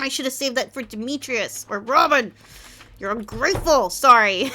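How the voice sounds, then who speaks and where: A woman's voice: high voice, moderate pace, pushed and bright. A woman streaming a farming game from home, chatting playfully with her viewers and the game's characters. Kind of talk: casual gameplay chat with viewers.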